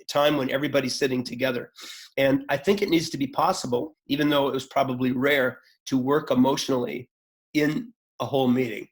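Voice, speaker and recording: A man teaching a webchat on working with upset people in groups, explaining thoughtfully with fillers and restarts, now and then acting out the voices in his examples. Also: mid-range voice. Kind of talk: webchat talk.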